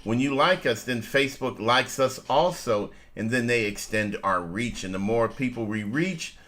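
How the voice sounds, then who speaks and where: A man's voice: mid-range voice, normal speed, fairly bright tone. Folksy middle-aged man calling listeners family. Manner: folksy, laughs often, calls listeners family. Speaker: co-host. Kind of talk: casual live-stream chat.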